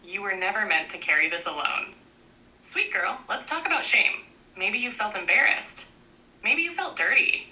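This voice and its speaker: A woman narrating a book aloud in a gentle, reassuring way, speaking in short, repeated affirmations. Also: mid-range voice, animated, moderate pace, low-quality recording.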